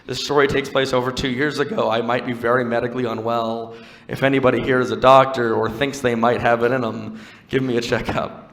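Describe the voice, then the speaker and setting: A young man performing stand-up on a stage mic, his bright, forceful voice carrying a long reverb through the venue. He talks conversationally and wryly, mixing self-deprecating stories with playful crowd work. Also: mid-range voice, level tone, brisk. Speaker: stand-up comedian. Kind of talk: stand-up comedy set.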